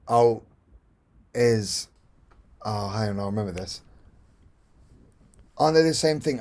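A man's voice: medium pitch, unhurried, pauses often, darkish tone. A man from London chatting casually as a guest, easygoing and joking. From London, England. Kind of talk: casual chat.

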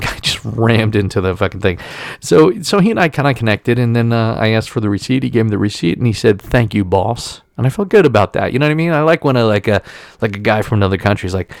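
A middle-aged man from Staten Island with a gravelly edge spins a rambling story, stumbling and restarting as he goes. The sound is close and dry. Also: mid-range voice, a little mellow, no echo. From Staten Island, New York. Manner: rambling, halting with many restarts and fillers. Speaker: podcast co-host. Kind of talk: casual storytelling chat.

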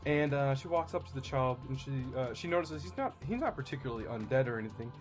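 A man's voice: medium pitch, lively intonation, quick pace. Man narrating his turn in an improvised group story; loose, hesitant, faint music. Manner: loose, hesitant, laughing easily. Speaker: player in a group story game.

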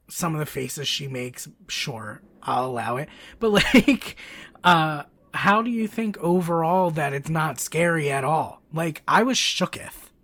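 Brief: excitable podcast co-host, woman, raspy with fry. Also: low-pitched, no echo. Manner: excitable, chatty, many fillers and restarts. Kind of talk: casual chat.

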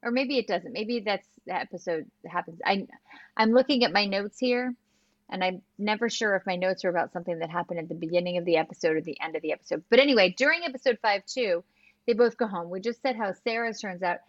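A woman co-hosting a podcast, chatting casually and retelling scenes with quick quoted lines. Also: mid-range voice, no echo, dull audio. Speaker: podcast co-host. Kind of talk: casual recap chat.

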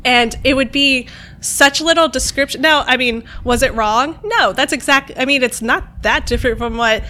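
Bright, high-voiced chatty woman. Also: moderate pace. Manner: chatty, laughs often, trails off and restarts. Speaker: podcast co-host. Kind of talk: casual chat.

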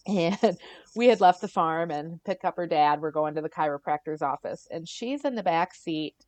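A middle-aged woman with a lowish voice is a guest on a podcast, telling her story casually and with animation. She often acts out what others said and laughs.

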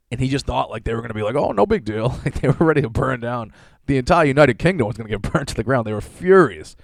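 A man's voice: mid-range voice, darkish tone, no echo, studio quality. Swearing young man ranting. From Boston area, USA. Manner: loose, rambling, laughing, heavy swearing. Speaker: comedian podcast host. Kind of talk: profane comedic rant.

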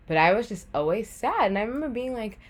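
A young adult woman, a guest on a podcast, shares a personal story in a chatty way, saying "like" constantly and acting out what she was thinking back then. Her voice is a little high and sing-song, and she speaks quickly.

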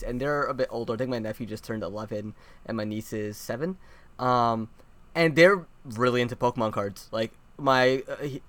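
A man co-hosting a podcast, telling personal stories in a relaxed, hesitant way. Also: medium pitch, dry recording. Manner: relaxed storyteller, hesitant with fillers. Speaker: podcast co-host. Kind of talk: casual chat.

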